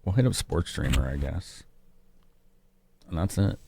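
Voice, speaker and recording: A man's voice: rumbling low, expressive, unhurried, gravelly, a little mellow, breathy edge. A man from Chicago streaming a game live, chatting casually with his viewers. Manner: casual, chatty, laughing with chat.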